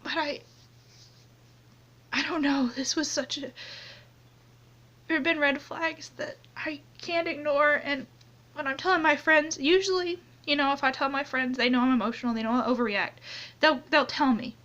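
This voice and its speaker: Young woman, anonymous confessional vlog, tearful and halting, high-pitched, dull lo-fi phone sound. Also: steady tone, a bit bright. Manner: halting, many restarts and trailing off. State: tearful, crying on and off. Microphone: phone camera close up, only a hand in frame.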